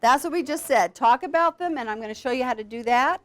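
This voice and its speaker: A woman teaching a class of students how to read aloud to young children, with an animated, coaxing teacher's voice. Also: sits high, fast. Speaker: literacy program founder teaching students.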